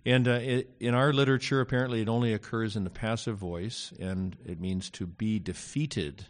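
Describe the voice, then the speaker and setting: A man teaching a Greek grammar class in a casual lecture, pausing often with fillers and dropping wry asides. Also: on the low side, fairly even intonation.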